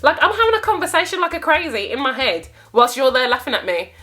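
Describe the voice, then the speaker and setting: Young woman telling a storytime vlog, super animated, bright crisp voice a bit high, faint music behind. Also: quick pace. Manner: animated, exclaiming, laughing. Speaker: vlogger. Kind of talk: casual storytime.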